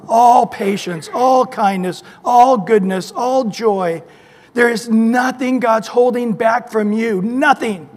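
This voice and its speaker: High-voiced man preaching in a hall. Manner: emphatic, repetitive preaching with scripture quotes. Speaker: pastor. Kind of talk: sermon. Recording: echoey hall with long reverb.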